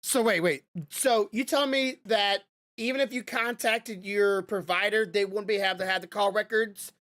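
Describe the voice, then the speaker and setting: A woman co-hosting a podcast in casual chat, asking questions and pausing with fillers while she searches for words. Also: mid-range voice, fairly even intonation, a bit bright, dry recording. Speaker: podcast co-host.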